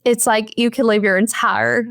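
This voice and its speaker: Woman, higher voice, near tears, halting, dry close sound. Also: fairly even intonation, a bit bright, no echo. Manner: halting, overwhelmed. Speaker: near-death experience witness. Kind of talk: emotional testimony.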